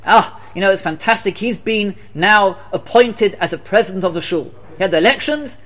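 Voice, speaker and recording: A man teaching a religious lesson as a story, animated and emphatic, often repeating his phrases. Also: sits high, moderate pace. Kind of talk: storytelling sermon.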